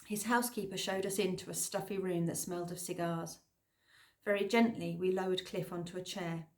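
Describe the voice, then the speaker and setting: A woman narrating an audiobook in an expressive, lively storytelling manner. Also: fairly low pitch, fairly quick. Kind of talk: scripted narration.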